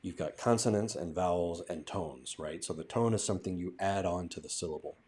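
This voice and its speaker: Deep-voiced man explaining language learning. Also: a little fast, darkish tone. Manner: thoughtful, explains step by step with "right?" checks. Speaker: co-host of a language-learning livestream. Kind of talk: casual explanatory talk.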